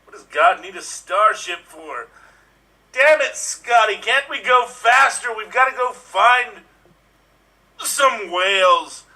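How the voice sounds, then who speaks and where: A man's voice: sits high, animated, slow pace, sharp tone, distant mic, full character voice, low-quality recording. A man doing a bold parody of a swaggering male starship captain in an improv sketch, heard from off the mic. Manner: bold, dramatic captain's delivery.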